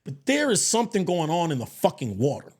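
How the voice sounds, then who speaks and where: Animated, high-voiced man telling a story. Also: brisk. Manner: animated storytelling, swears freely, swings pitch and loudness. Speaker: podcast co-host. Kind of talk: casual podcast chat.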